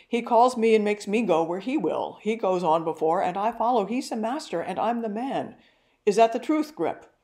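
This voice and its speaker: A woman's voice: mid-range voice, lively intonation, moderate pace, a little mellow, pitched above the performer's own voice, close to an everyday voice. A woman reading as an innocent, childlike young man. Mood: earnest. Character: simple, innocent young man, eager and devoted.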